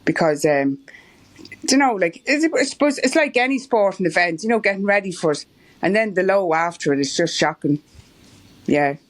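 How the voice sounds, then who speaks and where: Speaking at a moderate pace, a middle-aged Irish woman with a lowish, expressive voice rambles through anecdotes and laughs a lot. She's a marathon runner appearing as a guest in a relaxed interview.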